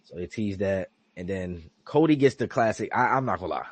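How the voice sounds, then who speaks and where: Husky dude hosting a wrestling pod, voice jumps all over when he quotes folks. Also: low voice, fairly quick, dry recording. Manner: animated storytelling, acts out quotes, swears. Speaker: podcast host. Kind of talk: casual wrestling recap chat.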